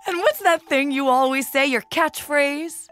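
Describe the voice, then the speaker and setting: A woman's voice: high voice, measured pace, a bit bright, soft background music. A woman hosting a playful kids' game show in an upbeat, bouncy manner.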